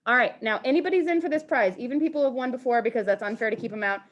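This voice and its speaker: A woman's voice: a little high, very fast, lo-fi sound, slight background noise. A woman teaching a math class to students in the room and online, playful and teasing with mock-dramatic outbursts.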